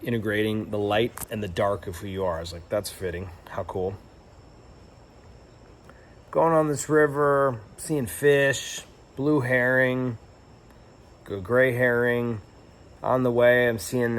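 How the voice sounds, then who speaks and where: A man's voice: lowish voice, a little hiss or hum. A young man telling a travel story in a casual, rambling and reflective way, with lots of fillers and restarts. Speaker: travel vlogger.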